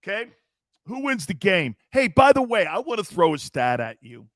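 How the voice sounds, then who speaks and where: Man, sports talk host, high voice, dry close sound, joking, animated. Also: moderate pace, no room sound. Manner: animated, joking, often laughing. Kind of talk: casual sports radio talk.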